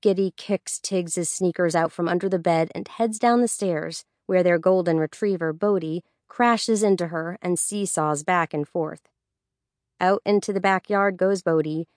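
A woman narrates a story with a steady, even delivery. Her voice is fairly low for a woman. The recording is dry and close, with no room sound. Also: no room sound. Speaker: audiobook narrator. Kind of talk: scripted narration.

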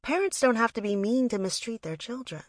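A woman's voice: a little high, expressive, brisk, no echo, clean studio sound. A woman reading a first-person story aloud in a reflective, wistful manner. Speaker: audiobook narrator. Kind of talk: first-person scripted narration.

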